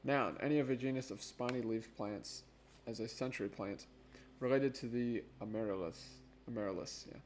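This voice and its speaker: A man's voice: mid-range voice, normal speed, darkish tone, slight background noise. A man reading dictionary entries aloud for his vlog, casual and chuckling, often correcting his own pronunciation. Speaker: vlogger.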